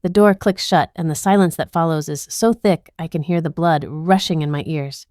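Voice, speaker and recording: Woman reading a tense first-person drama, lowish voice, super dry close sound. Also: steady tone, moderate pace, darkish tone, no echo. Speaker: narrator.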